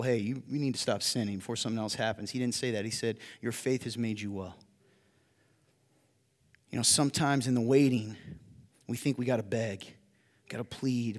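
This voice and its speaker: A male pastor preaching a sermon, moving between hushed storytelling and loud, emphatic appeals to the congregation. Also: mid-range voice, in a large hall. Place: church hall.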